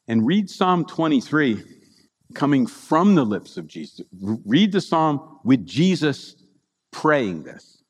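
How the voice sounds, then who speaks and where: A man's voice: on the high side, sing-song, takes it slowly, husky, in a large hall. A man preaching a conversational sermon, often checking in with his listeners by asking "right?". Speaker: pastor.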